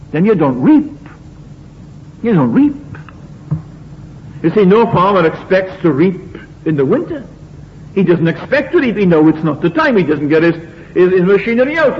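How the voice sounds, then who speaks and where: A man's voice: sits high, slight background noise. Man, sermon, earnest, repetitive, long echo, lo-fi sound. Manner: earnest, repetitive, asks the congregation rhetorical questions. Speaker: preacher. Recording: dull, lo-fi recording in a reverberant hall.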